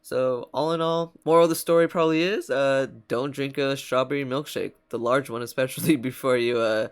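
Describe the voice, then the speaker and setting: A man's voice: mid-range voice, steady tone, a little fast, clear, resonant tone. A young man casually telling a story to his vlog audience, slangy and laid-back, often breaking into laughter. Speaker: vlogger.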